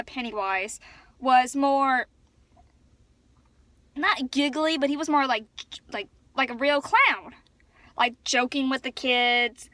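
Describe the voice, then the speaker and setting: Chatty woman vlogger, bright and sharp-toned, rambling excitedly into a phone. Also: high-pitched, dry recording. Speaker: vlogger reviewing a film. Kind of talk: casual chat. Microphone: phone camera.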